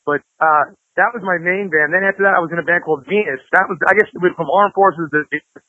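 A fast-talking man with a slightly high voice, rambling through his stories with many fillers and restarts. The sound is dry and tinny, like a phone call. He is a guest in a casual chat. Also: no room sound. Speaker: interview guest, guitarist.

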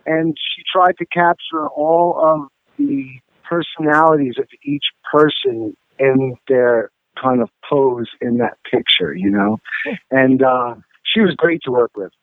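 A man's voice: mid-range voice, animated, measured pace, creaky, no echo. A man, a rock musician as guest, telling rambling, profane stories full of fillers in a casual interview. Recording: tinny phone-line audio.

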